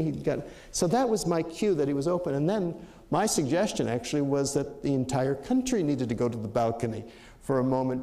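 A man's voice: a little high, dark tone, echoey room. An older man giving a talk, telling a story in a reflective, anecdotal way with fillers and restarts. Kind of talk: storytelling lecture.

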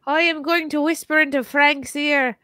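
Woman host, casual chat, giggly, animated storyteller, bright and fairly high voice. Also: normal speed, no room sound. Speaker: podcast host.

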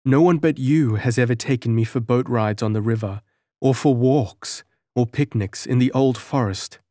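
A man's voice: mid-range voice, moderate pace, dark tone, no echo, clean studio sound, lightly acted. A man voicing a lonely young village girl who pleads earnestly and tearfully, in a storybook reading. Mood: sobbing, pleading.

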